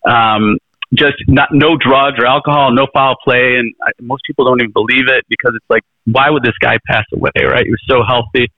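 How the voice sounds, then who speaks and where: Speaking a little fast in a steady, mid-range voice with no room sound, a middle-aged man, a presidential candidate, tells his story as an interview guest. He is earnest and rambling, restarting often and using fillers, and the recording is tinny, phone-like, and dry.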